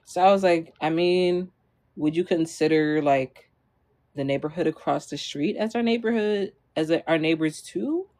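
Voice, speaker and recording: A woman's voice: deep voice, normal speed, mellow. A young adult woman streamer telling a story casually to her audience, rambling with lots of fillers and frequent laughs.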